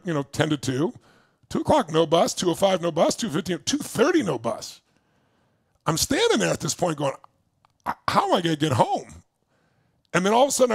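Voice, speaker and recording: Speaking to a crowd in a motivational stage talk, a gravelly older man tells his story, his voice a little high for a man. He swings from loud, driving bursts to quiet, close asides, recorded dry and close with no echo.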